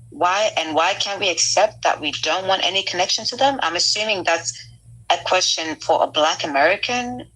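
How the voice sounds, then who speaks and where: A woman from South Sudan calling into an online debate, speaking calmly and measuredly with some hesitant fillers. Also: low-pitched, rough recording. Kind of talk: live audio room debate.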